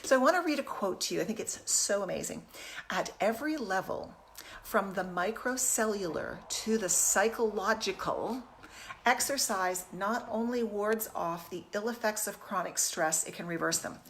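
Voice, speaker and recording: A woman's voice: medium pitch, normal speed, slight background noise. Upbeat woman hosting a live kitchen stream. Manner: upbeat, chatty, greets viewers. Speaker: fitness host. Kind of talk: live-streamed casual chat. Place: home kitchen. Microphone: phone camera.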